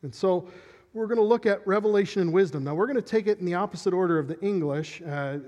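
Male pastor, sermon, earnest teaching, high voice, reverberant sanctuary. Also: fast talker, darkish tone. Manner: earnest teaching with frequent restarts. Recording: reverberant hall.

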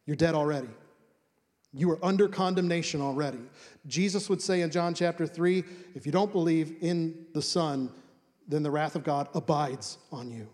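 A man's voice: a little high, moderate pace, a little mellow, long reverb tail. A middle-aged man preaching a sermon, emphatic and earnest, often repeating a word for stress. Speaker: pastor.

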